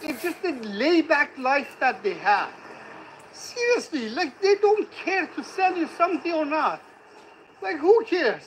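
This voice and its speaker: A man's voice: very high-pitched, very animated, unhurried, a bit bright, a little hiss or hum, low-quality recording. A man chatting casually outdoors on a street, teasing and swearing in a mock-grumpy way. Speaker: vlog companion. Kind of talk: casual joking chat.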